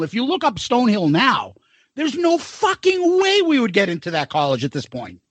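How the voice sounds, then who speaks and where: A man's voice: very high-pitched, huge pitch swings, normal speed, slightly rough, no echo. A man in his forties, co-hosting a podcast in casual chat, profane and laughing as he tells stories. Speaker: podcast co-host.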